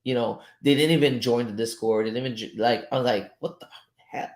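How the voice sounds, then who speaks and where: A man's voice: mid-range voice, steady tone, a little fast, darkish tone. A French-native man coaching viewers through a live trading stream, loose and chatty, swearing now and then and chuckling as he talks. His voice sits in a middle register and bounces around a room with plenty of echo. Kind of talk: casual live-stream chat while reading charts. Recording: roomy echo.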